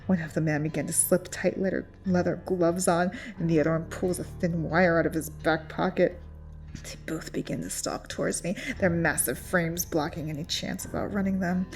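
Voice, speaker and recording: A woman narrating a first-person horror story in a tense, hushed, often whispered voice. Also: on the low side, fairly even intonation, moderate pace, faint music behind.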